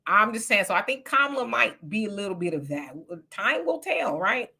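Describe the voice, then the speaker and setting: Sassy chatty woman, bright voice. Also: mid-range voice, very animated, normal speed, creaky, husky. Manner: chatty, reads comments aloud, sassy asides. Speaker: livestream co-host reading viewer comments. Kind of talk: casual livestream chat.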